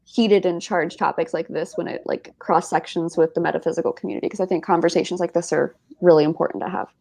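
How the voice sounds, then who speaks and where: A woman joining a casual group chat, enthusiastic and jokey, quick to play along with the others. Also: fairly low pitch, steady tone, vocal fry, warm tone.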